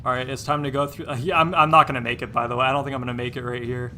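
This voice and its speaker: A man's voice: mid-range voice, level tone, very fast, bright, forceful tone, slight background noise. A man live-streaming a game, chatting casually and rambling, restarting his words and sounding exasperated and dismissive.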